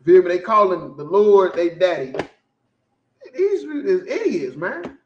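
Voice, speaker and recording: A man hosting a podcast, talking in casual, profane, animated commentary and laughing often. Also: high-pitched, measured pace, echoey room, lo-fi sound, noisy background. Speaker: podcast host.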